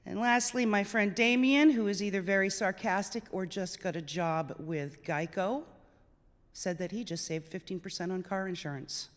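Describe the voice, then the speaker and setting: A worship service leader, chatty in the announcements and measured in poetry readings, on an online church service. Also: mid-range voice, long reverb tail. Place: online church service over a video call.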